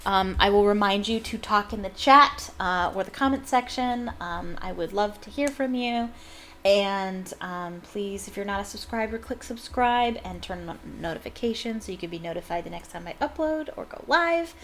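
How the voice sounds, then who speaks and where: A woman reads a novel aloud for a livestream audience, at a middle pitch. She breaks off into chatty asides and corrects her own slips. Her reading is casual and conversational. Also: moderate pace, a bit bright, slight background noise. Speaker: livestream book reader.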